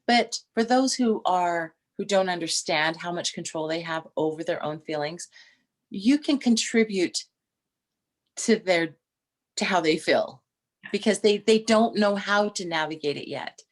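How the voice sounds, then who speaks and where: A middle-aged woman co-hosting a casual chat, telling stories with restarts and animated quoted voices. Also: fairly low pitch, measured pace. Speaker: podcast co-host.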